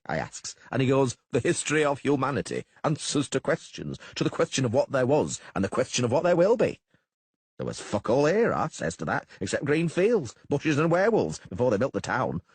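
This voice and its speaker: A man reading an audiobook, voicing a coarse, blustering middle-aged male mayor in a husky, gossipy voice. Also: mid-range voice, no room sound, voice pushed up.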